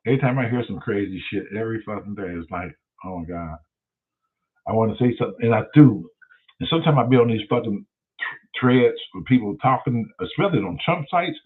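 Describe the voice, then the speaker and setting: A man hosting his own show, telling stories in a profane, animated way. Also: on the low side, fairly quick. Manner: profane, animated, loud storyteller. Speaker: show host. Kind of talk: casual livestream storytelling. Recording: tinny phone-like sound.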